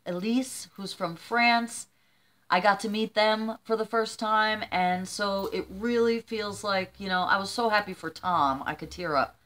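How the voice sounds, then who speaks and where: An older woman vlogger talks casually to the camera in a mid-range, slightly slow voice. She rambles warmly through shout-outs and grows teary as she goes.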